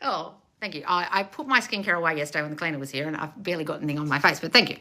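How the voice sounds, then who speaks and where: A woman manifestation coach on a live stream, loud and passionate, blunt and confrontational, swearing freely and calling listeners darling. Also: deep voice, rapid-fire. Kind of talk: live-streamed coaching with read-out viewer questions.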